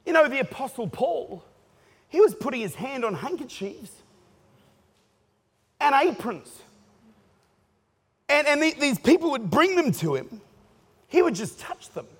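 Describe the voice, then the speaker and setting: A high-pitched man preaches a sermon, full of jokes and stories that build to shouts. His voice rings out with a long reverb tail from a big hall. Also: a little slow, long pauses. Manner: animated, joking storytelling with bursts of shouting.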